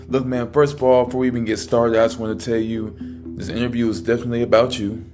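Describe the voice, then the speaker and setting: A man's voice: level tone, fast, a little mellow, faint music behind. A man conducting a joking mock interview, playful and incredulous with his guests. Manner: playful, incredulous, high-pitched when exasperated. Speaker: comedy interviewer.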